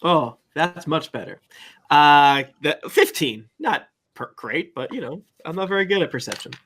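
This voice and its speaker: A man's voice: a little high, moderate pace. A man playing a tabletop game, chatting casually and stumbling over his words with jokes. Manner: animated, stumbling, joking. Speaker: tabletop player.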